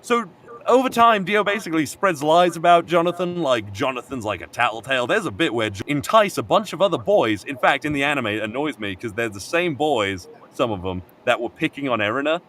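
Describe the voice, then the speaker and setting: A man chatting casually on a group call, retelling a story in a rambling, animated way, full of fillers and restarts and casual swearing. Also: mid-range voice, brisk, slight background noise. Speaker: stream co-host. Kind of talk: casual chat retelling an anime plot.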